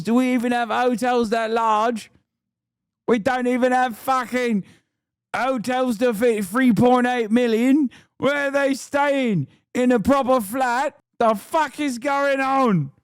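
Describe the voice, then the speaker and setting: Shrill, outraged British bigot, put on by a man, mocking and panicky, pitched well above his own voice, dry close sound. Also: steady tone, unhurried, clean tone, no room sound. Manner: mocking, exaggerated disbelief.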